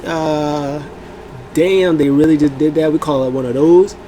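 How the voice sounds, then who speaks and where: There's background noise behind this man's fairly high voice, which moves at a moderate pace. He recaps a wrestling event casually for his review show, rambling with animation, plenty of fillers, and quotes he acts out.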